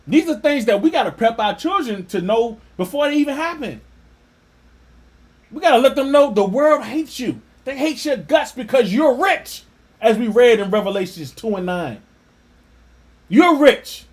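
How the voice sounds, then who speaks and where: A man reading an article aloud and breaking off into scornful, animated religious commentary. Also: very high-pitched, normal speed. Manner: animated, scornful asides with laughter. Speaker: religious teacher.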